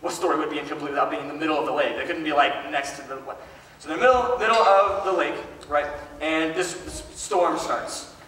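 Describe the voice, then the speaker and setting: Bright-voiced man preaching in an echoey hall. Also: fairly high pitch, a little fast, far from the mic, a little hiss or hum. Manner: joking, animated, chatty asides. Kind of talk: casual sermon storytelling. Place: large hall.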